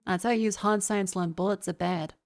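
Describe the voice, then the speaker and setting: A woman streamer, stuffy from a sinus infection, chatting casually on a desk mic in a profane, rambling, excitable way. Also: medium pitch, brisk, creaky, faint music behind. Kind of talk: casual gaming stream chat. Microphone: desk microphone.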